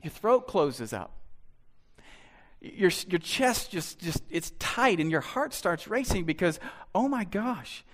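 A male pastor with a high-pitched voice delivers a sermon in a church. He acts out imagined conversations, swinging from hushed asides to loud, emphatic lines. His delivery is lively and theatrical. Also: slow pace.

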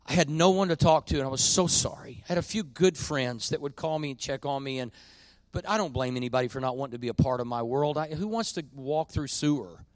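A middle-aged man preaching a sermon in a church, folksy and confessional, swinging between quiet admissions and loud emphatic points. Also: medium pitch, fast, few pauses, no echo. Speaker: pastor.

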